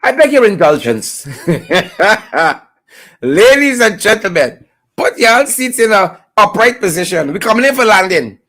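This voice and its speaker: A political commentator with a Guyanese accent hosts a live stream in a sarcastic, mocking tone. The pitch swoops widely from phrase to phrase, and key points are hammered home through repetition. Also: big pitch swings, a little slow, fairly bright tone.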